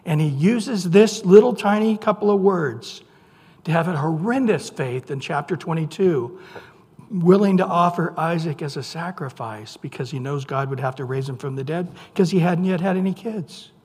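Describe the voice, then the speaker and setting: A male pastor preaching a sermon in a conversational, joking way, reading scripture slowly and with emphasis. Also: on the high side, animated, darkish tone, breathy edge. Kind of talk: sermon with humorous asides. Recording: long reverb in a large hall.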